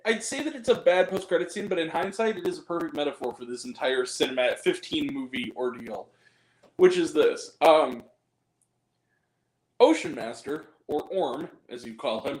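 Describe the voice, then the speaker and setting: Male movie reviewer host, exasperated and profane, slightly high-pitched voice, echoey room. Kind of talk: casual spoken movie review.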